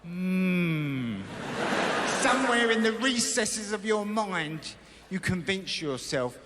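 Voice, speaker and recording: A man's voice: high voice, big pitch swings, slow pace. A man doing a stand-up comedy routine on stage, acting out his own panic as he tells a story. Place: live comedy stage in a big hall. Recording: live hall recording with loud crowd noise.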